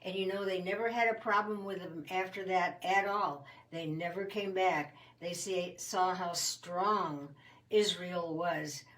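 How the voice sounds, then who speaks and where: A woman casually telling a Bible story in a homey, rambling way, with fillers and quick self-corrections. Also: on the low side, fairly even intonation, fairly bright tone, far from the mic, rough recording.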